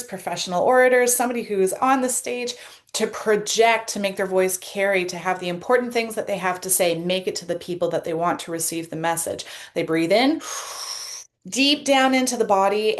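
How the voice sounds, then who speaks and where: Woman, coach, guided breathing session, calm, encouraging, laptop mic, mid pitch. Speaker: personal development coach. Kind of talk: guided self-care session with breathing exercise. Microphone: laptop camera mic.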